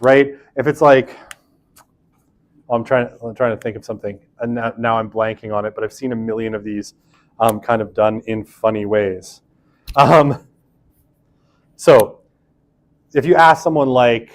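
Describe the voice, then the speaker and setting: Speaking in a mid-range voice at a measured pace with frequent pauses, a man lectures a university class conversationally. He is chatty and self-deprecating, with lots of fillers and side remarks along the way.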